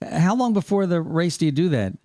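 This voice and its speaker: A man's voice: fairly high pitch, lively intonation, fairly quick, mellow, no room sound, studio quality. An older man hosting a radio interview, asking long, chatty questions. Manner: talkative, leading long questions. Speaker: radio host.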